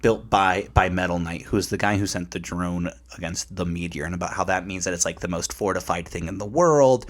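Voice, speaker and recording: Lowish-voiced guy cohosting a chatty podcast, lively, laughs a lot, says like constantly. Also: brisk, hardly any pauses. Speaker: podcast co-host. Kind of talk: casual chat.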